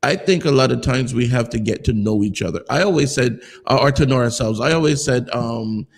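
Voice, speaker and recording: A man's voice: mid-range voice, brisk, vocal fry, big-room sound. A man hosting a talk show, chatting casually in a rambling, hesitant way with many fillers. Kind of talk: casual interview chat.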